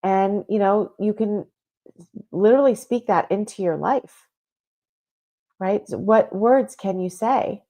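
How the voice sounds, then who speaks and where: A woman's voice: medium pitch, slow pace, long pauses, mellow. Chatty woman hosting a spiritual talk show. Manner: chatty, reads listener comments aloud, many fillers. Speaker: podcast host.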